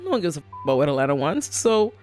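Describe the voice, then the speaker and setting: A woman hosting a casual TV episode breakdown, animated and profane, laughing often and talking back at the characters. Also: low voice, very fast, faint music behind. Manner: sassy, talks back at characters. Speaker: TV recap host.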